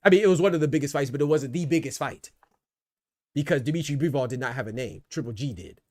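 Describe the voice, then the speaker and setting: A man's voice: medium pitch, fast, a little mellow, dry recording, clean studio sound. Argumentative man hosting a boxing livestream. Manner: argumentative, repeats phrases to drive a point. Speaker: boxing talk show host. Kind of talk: casual livestream commentary, reading chat.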